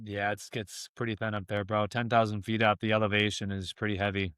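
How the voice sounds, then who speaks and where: A man's voice: on the low side, level tone, a little fast, fairly bright tone, clean tone, dry recording, clean studio sound. A young man from Massachusetts, a podcast guest, telling a candid story in casual chat and acting out the quoted lines.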